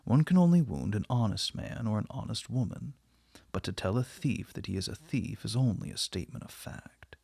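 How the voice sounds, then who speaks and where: A man's voice: on the low side, expressive, moderate pace, creaky, warm tone, breathy edge, no room sound, studio quality, heavily acted. A man reading the part of a cold, stern middle-aged husband who speaks severely and with heavy emphasis. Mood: cold scorn. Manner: severe, emphatic, stammering when upset.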